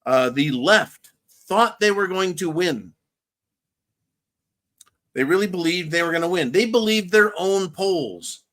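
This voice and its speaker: A man's voice: high-pitched, lively intonation, unhurried, long pauses, fairly bright tone. Blunt, profane male commentary host. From California, USA. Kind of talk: political commentary, answering viewer questions.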